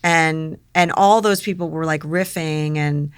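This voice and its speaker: A woman's voice: measured pace, smooth, no room sound. An older woman co-hosting a podcast in casual chat, telling stories animatedly and acting out quotes. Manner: animated storyteller, acts out quotes with big pitch swings. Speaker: podcast co-host.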